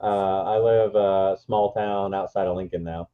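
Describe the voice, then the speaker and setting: A man's voice: deep voice, steady tone, moderate pace, clear, resonant tone, narrow, tinny audio. A man from Nebraska joining a live stream, talking hesitantly with a lot of ums. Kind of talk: casual chat. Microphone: weak stream mic.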